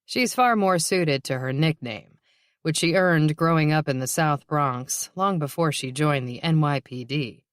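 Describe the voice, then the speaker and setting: Woman audiobook narrator, low pitch, steady, even, dry close recording. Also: unhurried, dry recording. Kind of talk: scripted narration.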